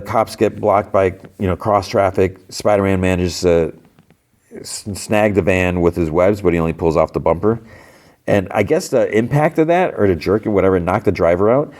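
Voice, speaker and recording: A man's voice: low voice, darkish tone. A man hosting a podcast, recapping a cartoon episode in a rambling, conversational way. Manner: rambling, conversational, many fillers and restarts. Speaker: podcast host.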